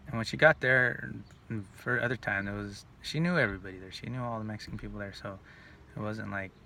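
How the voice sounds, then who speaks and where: Rambling, swearing man, gravelly. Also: lowish voice, pushed and bright. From Northern California. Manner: rambling, profane, full of "like" and restarts. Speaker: vlogger telling personal stories. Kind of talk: casual rambling monologue. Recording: distant mic with faint background noise.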